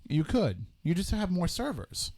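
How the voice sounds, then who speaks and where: A man from Massachusetts hosting a casual radio talk show, ranting in an opinionated, animated way. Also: high voice, unhurried.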